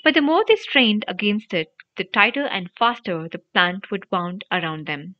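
Lively woman reading a storybook. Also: medium pitch, moderate pace. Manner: animated, expressive reading. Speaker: audiobook reader. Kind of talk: scripted storybook narration. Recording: dry, dull lo-fi audio.

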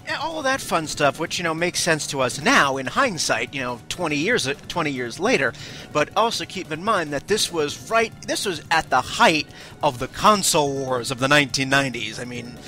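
Lively high-voiced man telling a story. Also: normal speed, faint music behind. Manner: animated storytelling with put-on quotes. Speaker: podcast co-host. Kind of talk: casual panel chat.

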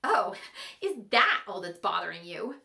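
A woman reading aloud, voicing a flustered, prim young fairy godmother who squeaks and bristles with indignation. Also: sing-song, measured pace, vocal fry, sharp tone, full character voice. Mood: indignant.

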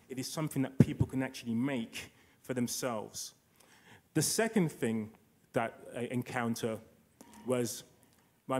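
A man's voice: mid-range voice, darkish tone. A man speaking as a panelist and telling a personal story. He acts out quoted dialogue and restarts his sentences often.

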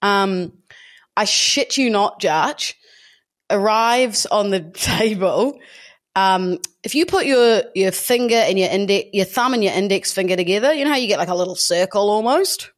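A woman, co-hosting a podcast, telling a story in an animated way, swearing and laughing. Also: medium pitch, a little slow. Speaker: podcast co-host. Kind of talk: casual storytelling.

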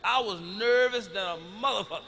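A middle-aged man doing stand-up, telling profane stories loudly and swinging into shouts. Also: high-pitched, fairly quick, vocal fry, slight background noise. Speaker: stand-up comedian. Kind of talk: stand-up routine. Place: large arena stage. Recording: live concert recording with long hall reverb.

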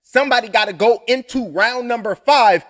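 A young man calls punches blow by blow and drifts into profane, joking stories. His voice sits high for a man. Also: moderate pace, fairly bright tone. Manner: rambling, profane, joking asides. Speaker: fight commentator. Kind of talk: live blow-by-blow stream commentary.

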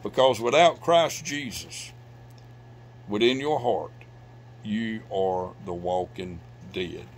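A middle-aged man preaches a sermon in a church, his lowish voice rising in loud emphatic bursts and falling back to near hush. A faint hum sits under the recording. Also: slow pace. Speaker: pastor. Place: church sanctuary.

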